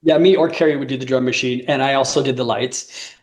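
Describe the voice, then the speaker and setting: A man's voice: mid-range voice, steady tone, fast talker. Guy in his 50s, musician, rambles thru stories, laughs a lot, acts out what ppl said. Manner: rambling storyteller, laughs often, acts out quotes. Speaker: musician guest. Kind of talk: casual interview chat.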